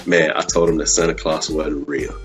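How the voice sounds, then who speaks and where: A man's voice: rumbling low, moderate pace, soft background music. A man hosting a live web show, telling a story casually and acting out the quotes, with "man" in nearly every sentence. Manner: animated storyteller, acts out quotes, says "man" often.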